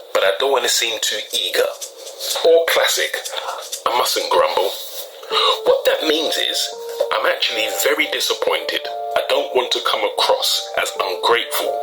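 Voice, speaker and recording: A man's voice: medium pitch, poor audio. A man with a British accent hosting a casual explainer video, talking with wry, chatty asides. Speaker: video host.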